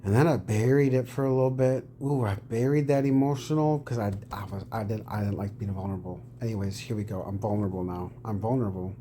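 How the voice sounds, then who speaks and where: A man's voice: on the low side, fast talker, few pauses, warm tone, a little hiss or hum. A man giving casual reaction commentary on his own clip, rambling and swearing, sometimes explaining things in a mock-preachy tone.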